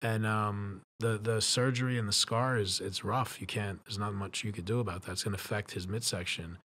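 Lower-voiced man, halting casual talk. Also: fairly even intonation, fairly bright tone, a little hiss or hum. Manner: halting, fills his sentences with "you know". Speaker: podcast guest, bodybuilding competitor. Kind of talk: casual podcast chat.

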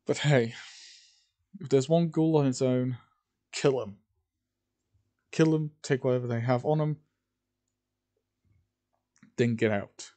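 Guy doing a bossy lady scavenger leader, blunt orders, slow n mellow. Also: mid-range voice, natural voice. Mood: commanding. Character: commanding female scavenger leader.

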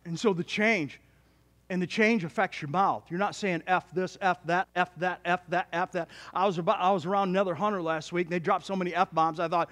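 A male pastor preaching a sermon in an animated, joking way, with many restarts. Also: high-pitched, fairly quick.

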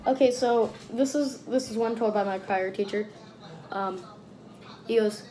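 A teenage girl telling jokes casually, rambling and giggling as she goes, pitching her voice up for characters. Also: moderate pace, long pauses, dark tone. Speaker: joke teller.

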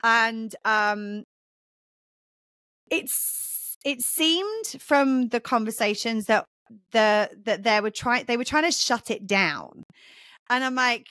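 Woman with a higher voice, talking earnestly. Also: animated, slow pace, pushed and bright, no room sound. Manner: earnest, explanatory, many fillers and restarts. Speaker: podcast host and mentor. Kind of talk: casual podcast conversation.

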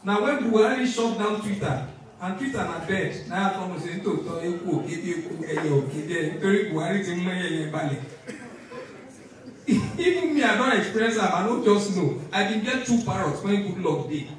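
A Nigerian man tells comic stories to a crowd, with a high, lively voice that swoops up and down. He drops into pidgin and Yoruba as he talks. He sounds far off the mic, in a hall full of echo. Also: a little fast. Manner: animated, switching into pidgin and Yoruba. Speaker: event host. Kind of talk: comedic storytelling to a crowd. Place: event hall.

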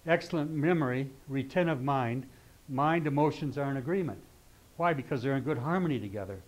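A man's voice: mid-range voice, fairly quick, poor audio. An older man teaching an astrology class, talking informally, rambling into asides and checking in with the class. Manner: conversational, keeps checking in with "okay?".

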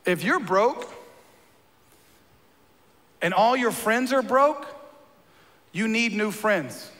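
High, bright-voiced male pastor preaching in a reverberant church. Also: animated, drawn-out words. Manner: conversational, joking, emphatic preaching. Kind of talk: sermon. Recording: long reverb of a church hall.

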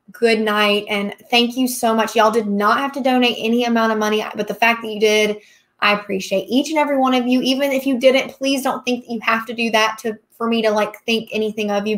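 A woman's voice: fairly high pitch, a bit bright. A woman, chatting casually while hosting a live question-and-answer stream and laughing often. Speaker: livestream host, craft seller.

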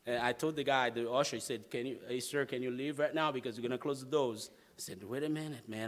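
Bright-voiced pastor telling a story. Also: male voice, a little high, brisk, hardly any pauses. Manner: animated storyteller, acts out dialogue, repeats 'man'. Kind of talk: sermon testimony storytelling.

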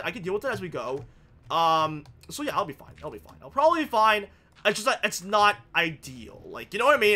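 A man's voice: on the high side, sharp tone, a little hiss or hum. A young man commentating his own game, jittery and panicky, repeating phrases and yelping. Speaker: gaming YouTuber. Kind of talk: Let's Play commentary.

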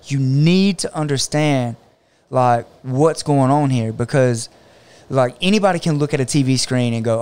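Smooth-voiced jiu-jitsu coach telling stories. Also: male voice, mid-range voice, normal speed. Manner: animated storytelling, acts out other people's words. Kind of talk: casual podcast conversation.

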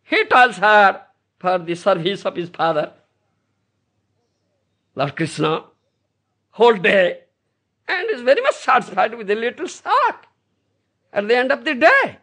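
Gravelly, high-voiced man lecturing slowly. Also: big pitch swings, sharp tone. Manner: keeps asking the room "you understand?"; emphatic, repeats key phrases. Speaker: spiritual teacher. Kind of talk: scripture lecture. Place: Brisbane, Australia.

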